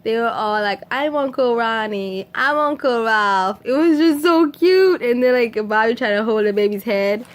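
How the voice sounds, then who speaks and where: A woman from Haiti talks through a film in a loose, chatty recap. She laughs often and slips into the characters' lines, dropping to a whisper for some and jumping high for others. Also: normal speed, few pauses, clean tone. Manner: animated, laughs often, acts out quotes in whispers and shrieks. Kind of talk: casual storytelling recap.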